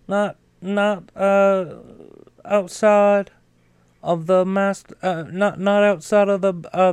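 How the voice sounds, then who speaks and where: A man's voice: sits high, darkish tone, clear, resonant tone, dry recording. A man doing an impression of an older Southern male ex-president, with a put-on Southern US accent and a folksy, drawling manner.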